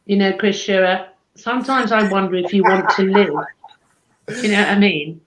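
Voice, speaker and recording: A woman's voice: medium pitch, normal speed, noisy background. A woman co-hosting a casual live chat show, chatty and teasing, laughing often. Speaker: co-host. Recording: echoey room, dull lo-fi stream audio.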